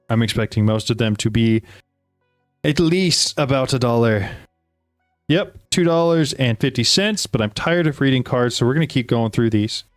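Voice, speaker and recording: An excitable man talks through a card-opening session and reads card text aloud. His voice sits at an ordinary middle pitch. The recording is dry and close, with faint music underneath. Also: dry recording. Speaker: card-opening video host. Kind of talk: casual card-opening commentary.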